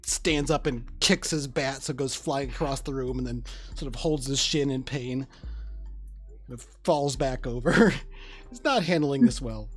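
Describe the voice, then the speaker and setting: A tabletop game player who describes a character's actions in loose, casual speech full of fillers. This speaker laughs readily. The voice is mid-pitched. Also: unhurried, soft background music.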